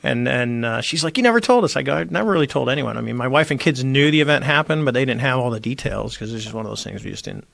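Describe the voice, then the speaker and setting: Gravelly-voiced man telling a story. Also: medium pitch, fast, hardly any pauses, no room sound. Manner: animated storyteller, acts out quoted dialogue. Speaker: guest, former Navy squadron commander. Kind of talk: casual storytelling conversation.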